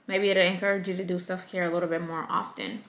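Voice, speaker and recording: A woman in her thirties giving self-care advice to moms in a lively, conversational vlog. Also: fairly low pitch, fast talker. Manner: lively and conversational, acts out quoted voices. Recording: echoey room.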